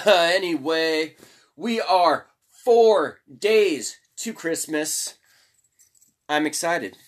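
A man hosting a podcast, chatting casually in a rambling way with cursing and frequent restarts. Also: on the high side. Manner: rambling, cursing, self-interrupting. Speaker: podcast host. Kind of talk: casual chat.

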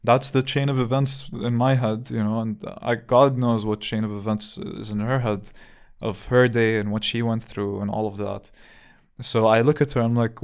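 A man's voice: medium pitch, fairly even intonation, moderate pace, clean tone. A man hosting a podcast, telling a personal story in a candid, reflective way, often repeating words as he thinks. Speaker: podcast host. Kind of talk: casual storytelling monologue.

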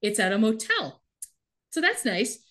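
A woman's voice: on the high side, big pitch swings, unhurried, fairly bright tone. A woman co-hosting a casual chat podcast, recapping a TV show with wry, sarcastic asides. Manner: wry, sarcastic, reads out lines with light voices.

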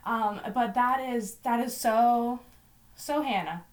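Young woman, casual podcast co-host, teasing wit, a bit high-pitched. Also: slow. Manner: wry, teasing. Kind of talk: casual chat.

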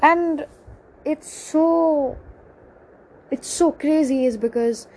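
A young woman telling a personal story in a halting, emotional confessional monologue, full of pauses and restarts. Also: high-pitched, mellow, poor audio. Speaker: speaker sharing a personal story.

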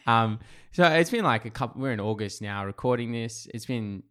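A man raised in England hosting a casual interview podcast, asking relaxed, thoughtful questions. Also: mid-range voice, normal speed, clear, resonant tone. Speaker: podcast host.

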